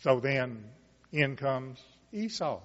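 A man preaching, reading Bible passages aloud and commenting on them in a slow, deliberate way with emphatic rises. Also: mid-range voice, expressive. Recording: muffled sound with long reverb.

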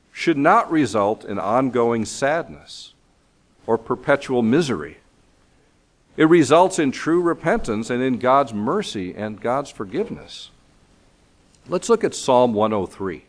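A man preaching a sermon in an earnest, emphatic way, reading scripture aloud, his voice still recovering from being lost. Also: mid-range voice.

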